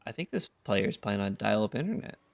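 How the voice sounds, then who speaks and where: A man's voice: fairly low pitch, sing-song, fairly quick, creaky. A tired man giving casual, laid-back gameplay commentary, thinking aloud with a wry tone. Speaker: gaming content creator.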